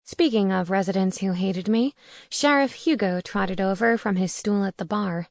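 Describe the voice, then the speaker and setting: A woman's voice: mid-range voice, normal speed, vocal fry, no room sound. A woman narrating a first-person audiobook in a wry, conversational way on a close studio mic.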